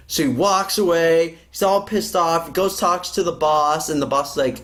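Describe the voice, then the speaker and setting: A man's voice: on the high side, moderate pace, hardly any pauses. A man hosting a podcast, swearing freely as he tells a workplace story in casual chat. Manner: profane, animated storytelling. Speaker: podcast host.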